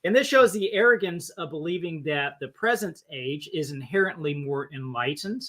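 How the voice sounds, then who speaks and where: A man's voice: a little high, expressive, moderate pace, bright, forceful tone. A man hosting a live-stream film discussion, thinking aloud and often restarting his sentences. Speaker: host.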